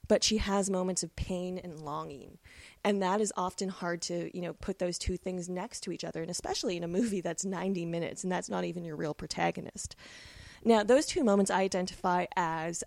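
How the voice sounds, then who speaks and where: A woman's voice: on the low side, vocal fry, darkish tone, no room sound. A woman co-hosting a film podcast, giving enthusiastic, analytical takes with casual swearing. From Canada. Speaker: podcast co-host.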